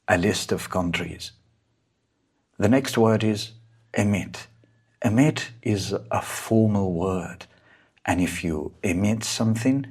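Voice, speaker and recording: A man with a deep, husky voice teaches an English lesson at an unhurried pace. He explains each rule deliberately and reads out every comma in his examples. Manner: careful, deliberate, spells out each punctuation mark.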